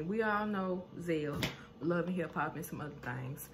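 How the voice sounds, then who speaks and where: A woman's voice: on the low side, measured pace. Chatty woman recapping reality TV gossip. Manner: animated, laughs often, acts out quoted lines.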